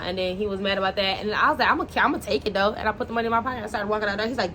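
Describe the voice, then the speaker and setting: A woman vlogger telling a dating story in a blunt, profane, animated way, acting out the dialogue as she goes. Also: medium pitch, very fast, few pauses. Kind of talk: casual storytime monologue. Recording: faint background noise.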